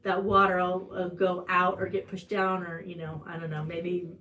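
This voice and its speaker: A woman with an Ozark American accent hosting a farm channel's live stream, telling a personal story in a chatty way with fillers and restarts, her voice climbing high on the emotional parts. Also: flat delivery, normal speed, sharp tone, highs cut off.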